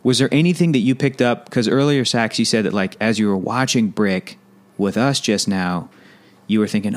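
A man's voice: mid-range voice, expressive, a little fast. A man in his thirties from Southern California, hosting a casual film chat and rambling with many fillers.

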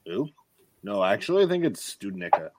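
A man's voice: fairly low pitch, big pitch swings, normal speed, a little mellow. A man co-hosting a podcast in casual chat, teasing his friends with joking banter. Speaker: podcast co-host.

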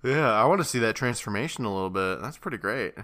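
Man, podcast co-host, low but bright voice, very lively, wry banter. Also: fast. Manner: animated, wry reactions with swearing and laughs. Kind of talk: casual chat.

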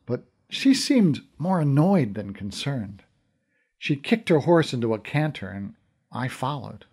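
A man's voice: medium pitch, darkish tone. A man reading a fantasy novel aloud in first person, with wry, conversational storytelling. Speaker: audiobook narrator. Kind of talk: scripted first-person narration.

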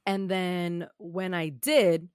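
A woman co-hosting a casual podcast chat, blunt and profane, telling animated stories. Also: lowish voice, drawn-out words, clean tone, dry recording, studio quality. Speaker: co-host.

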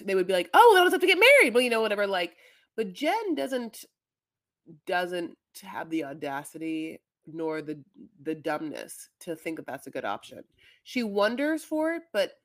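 A young adult woman co-hosting a podcast, recapping a reality show in a casual, rambling chat full of filler words and swearing. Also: fairly low pitch. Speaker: podcast co-host.

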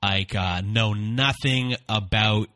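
A man's voice: on the low side, slow pace, sharp tone, no room sound. A man hosting a podcast interview, cutting in eagerly with stumbling restarts. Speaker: podcast host. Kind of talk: interview questions.

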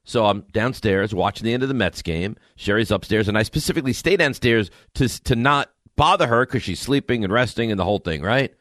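A middle-aged man hosting a radio show, telling stories in animated, exasperated, wry banter. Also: on the low side, brisk, hardly any pauses, dry recording, studio quality. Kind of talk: casual morning radio banter. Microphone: studio microphone.

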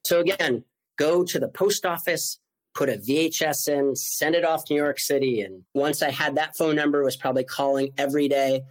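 A man in his forties telling a story as an interview guest, animated and full of "like" fillers. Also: a little high, normal speed. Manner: animated, acts out quoted voices, many "like" fillers. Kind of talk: storytelling in conversation.

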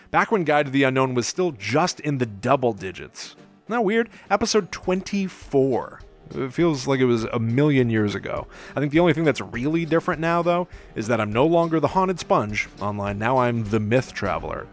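A man's voice: medium pitch, animated, moderate pace, faint music behind. Young guy hosting a podcast, jokes around, lots of uhs, rambles on. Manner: rambling and jokey, with frequent "uh" fillers. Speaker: podcast host. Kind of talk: casual chat.

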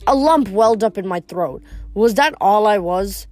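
A woman reading a novel aloud in first person, steady, with the odd stumble over a word. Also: mid-range voice, moderate pace, faint music behind. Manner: steady first-person storytelling with small slips. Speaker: reader.

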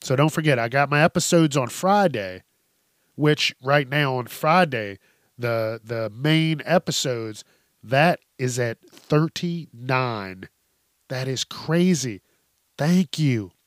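A man's voice: mid-range voice, lively intonation, slow pace, dry recording, studio quality. A man hosting a podcast, telling stories in a casual, profane way and laughing often. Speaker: podcast host. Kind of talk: casual comedic storytelling.

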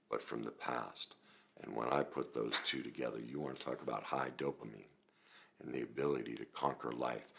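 A middle-aged man talking to his viewers as a self-help coach, animated and acting out quoted lines loudly. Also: rumbling low, gravelly. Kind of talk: video talk to viewers.

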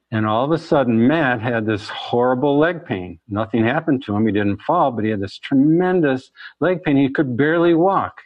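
A man's voice: mid-range voice, no echo. A man, a doctor giving a conversational talk on chronic pain and telling patient stories. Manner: conversational, storytelling, slips into quoted voices. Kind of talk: presentation talk. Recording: dull lo-fi dry recording.

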